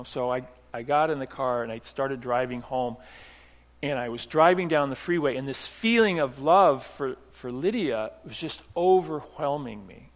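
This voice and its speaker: Earnest preacher in a reverberant hall. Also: male voice, medium pitch. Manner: earnest storytelling with restarts, swinging from hushed to emphatic. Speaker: pastor. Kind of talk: sermon.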